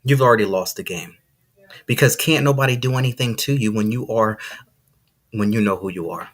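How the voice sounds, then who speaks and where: A man's voice: on the low side, brisk. Preachy, emphatic man hosting a podcast. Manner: preachy and emphatic, repeats phrases, says "see"; excited, talks to listeners directly. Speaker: podcast host. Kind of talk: motivational live-stream monologue.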